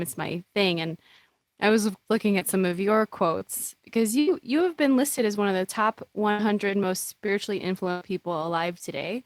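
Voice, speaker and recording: Lady podcast host, lowish voice, dry close sound, gushing over her guest. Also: dry recording. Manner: effusive, admiring. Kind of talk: enthusiastic interview questions.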